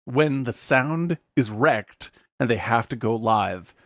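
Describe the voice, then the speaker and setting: A man co-hosting a casual film podcast, retelling scenes with lively acted-out voices and frequent laughter. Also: mid-range voice, slow pace, dry recording, studio quality. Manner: animated, acts out film scenes in put-on voices, laughs often. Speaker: podcast co-host.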